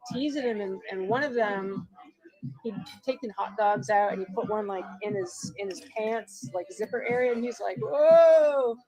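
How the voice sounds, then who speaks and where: A woman's voice: mid-range voice, normal speed, a little mellow. A woman co-hosting a casual film festival wrap-up, bluntly and animatedly retelling film plots. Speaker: co-host reviewing festival films. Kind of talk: casual chat. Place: bar or restaurant. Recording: noisy bar crowd behind. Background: crowd chatter.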